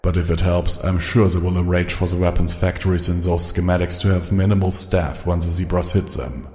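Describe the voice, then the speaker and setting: A man voicing a stern, pragmatic male pony security officer, talking briskly and in command. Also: low voice, fairly even intonation, darkish tone, reverberant, big-room sound.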